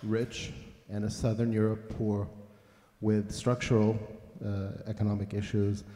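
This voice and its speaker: A man in the audience asking a question, halting and searching for words. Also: lowish voice, flat delivery, mellow. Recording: roomy, distant, reverberant hall.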